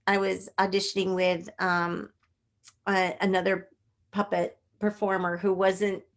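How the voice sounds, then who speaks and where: A middle-aged woman with a mid-range voice tells stories with bubbly energy. She puts on voices for the people she quotes. Her talk is animated and expressive. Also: medium pitch, a little slow. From Northern California. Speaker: guest puppeteer. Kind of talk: animated interview storytelling.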